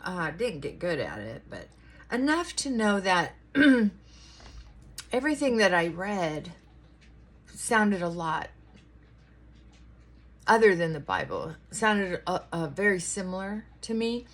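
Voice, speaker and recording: A woman's voice: lowish voice, big pitch swings, takes it slowly, long pauses. A middle-aged woman chatting casually to her viewers in her bedroom, rambling with asides to her dog. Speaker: vlogger. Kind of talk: casual morning chat.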